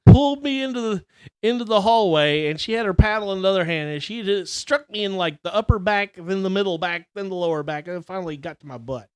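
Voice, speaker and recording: A middle-aged man telling childhood stories in casual chat, animated, exaggerating for laughs and swearing freely. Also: high voice, quick pace, clean tone, no echo, clean studio sound. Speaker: podcast co-host.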